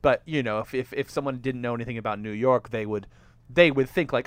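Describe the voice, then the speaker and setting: A man's voice: mid-range voice, fast, clean tone, no echo. A man co-hosting a casual film podcast, chatty and teasing, laughing often as he talks. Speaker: podcast co-host.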